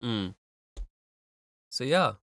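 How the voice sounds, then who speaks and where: A music feedback streamer gives loose, instructive mixing advice on a track, humming beats and using plenty of fillers. His medium-pitched voice is very animated, and he draws out his words.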